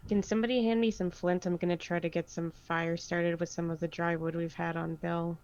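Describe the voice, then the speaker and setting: A woman's voice: fairly low pitch, flat delivery, a little fast, darkish tone. Wry woman player on dull lo-fi audio. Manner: wry, joking. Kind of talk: casual chat.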